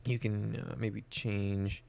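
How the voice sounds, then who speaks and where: A man's voice: on the low side, little pitch movement, takes it slowly, vocal fry, a little mellow. A young man talking casually through a photo editing tutorial, explaining each step with plenty of "uh" and "um". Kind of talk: screen-recorded software tutorial.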